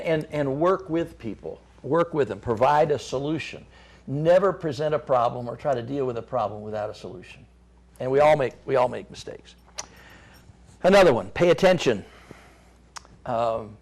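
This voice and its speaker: A man's voice: medium pitch, creaky, a little mellow. A middle-aged man, a chamber of commerce guest on a talk show, gives folksy business advice with frequent restarts and repeated words.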